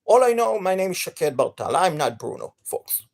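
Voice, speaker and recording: A woman with an accent, an energetic and enthusiastic gaming streamer chatting live to viewers. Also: on the low side, normal speed. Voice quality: non-native accent.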